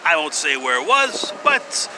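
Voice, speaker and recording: A vlogger with a somewhat high voice gives a casual monologue to camera at a measured pace, very animated yet rambling and hesitant. He pauses often for fillers and sighs and lets out dry, wry chuckles. Recorded outdoors, he has passing cars and street noise plainly audible behind him.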